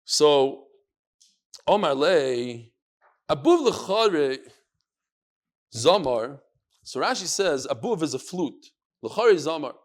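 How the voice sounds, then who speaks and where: A rabbi leads a live Talmud class in a study hall, his voice fairly high. He tells stories with flair, acts out quotations, and speaks directly to his students.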